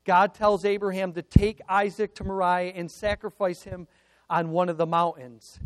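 A man preaching a sermon, retelling a scripture story in an earnest way and moving between emphatic lines and hushed, personal ones. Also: high-pitched, little pitch movement, moderate pace, no echo.

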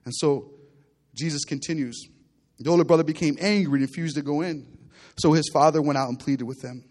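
A man delivers a sermon, retelling the story with lively, animated delivery. His voice sits a touch high for a man, and he swings between hushed asides and loud bursts. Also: brisk. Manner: animated storytelling preacher, acting out characters with big swings in loudness. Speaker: pastor.

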